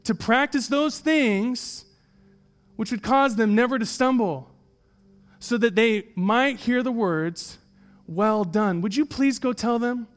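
A man's voice: extremely high pitch, slow, faint music behind. A man voicing an ashamed man who stands empty-handed in heaven, pleading to have a warning carried to his family. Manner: pleading, repetitive.

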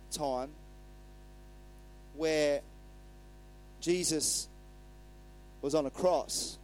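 A man's voice: on the high side, darkish tone, slight background noise, low-quality recording. A male pastor giving a sermon in a conversational way, retelling scripture and acting out the quotes.

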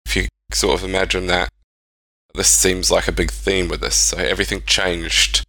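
A man's voice: deep voice, flat delivery, moderate pace, creaky, sharp tone, dry recording, low-quality recording. A man, casually retelling strange stories as a podcast co-host, rambling with speculative asides. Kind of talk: casual storytelling chat.

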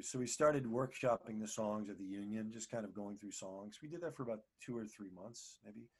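A man being interviewed, telling long casual stories in a rambling, animated way full of restarts and fillers. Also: lowish voice, normal speed, slightly rough. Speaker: actor and singer, guest.

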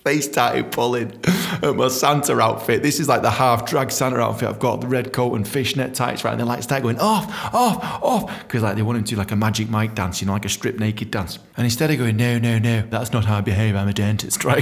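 A man's voice: mid-range voice, brisk, creaky, a bit bright. A man hosting a podcast, casually telling stories and reading from his book, swearing freely and acting out other people's voices. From England. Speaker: podcast host.

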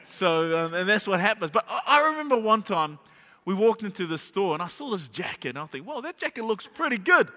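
Bright-voiced man preaching in a reverberant hall. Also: high voice, expressive, fairly quick. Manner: humorous storytelling with rhetorical questions. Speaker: pastor. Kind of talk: sermon.

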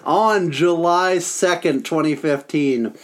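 A man's voice: on the high side, slow. Chatty man recapping old trades. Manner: recaps dates and trades, laughing often. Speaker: podcast co-host. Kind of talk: casual sports chat.

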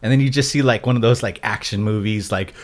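A man's voice: lowish voice, fast talker, a little hiss or hum. A man telling a story in a casual, rambling way, full of fillers.

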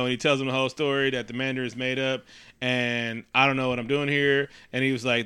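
A man talking through a film's plot in a loose podcast chat, cursing often and jumping into quoted lines. His voice is bright and clear, with a smooth, polished ring to it. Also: medium pitch, fast talker. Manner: profane, animated, acts out scenes with quotes. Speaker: podcast co-host. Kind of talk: casual movie recap chat.

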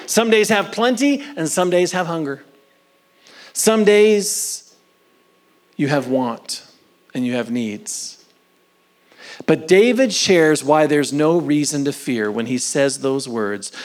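With a highish voice and lively intonation, a pastor delivers a sermon that swings from loud, emphatic lines to soft, whispered phrases. He draws out key words slowly.

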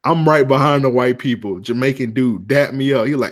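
A man's voice: mid-range voice, brisk. A man co-hosting a podcast, telling stories in loose slangy casual banter and laughing often. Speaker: podcast co-host.

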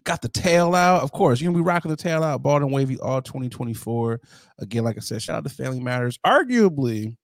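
A man co-hosting a podcast in casual chat, joking and telling animated stories. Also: medium pitch, quick pace, no room sound, studio quality. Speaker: podcast co-host.

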